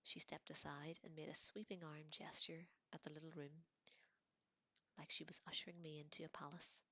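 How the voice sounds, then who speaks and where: A woman reading a novel aloud in a soft voice that often drops to a whisper, with casual asides. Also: low-pitched, little pitch movement, moderate pace, no echo. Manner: casual asides between passages. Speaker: audiobook reader.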